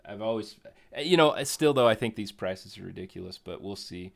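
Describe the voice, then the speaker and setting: A man's voice: fairly low pitch, expressive, normal speed, gravelly, few pauses. A man co-hosting a live stream in casual chat, rambling and correcting himself, often chuckling. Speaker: co-host of a crypto game stream.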